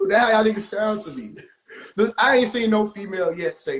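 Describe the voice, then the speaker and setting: Man, young adult, high-pitched, animated and profane, laughing a lot, echoey room. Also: moderate pace, pauses often. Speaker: livestream host. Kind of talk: casual livestream rant. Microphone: phone.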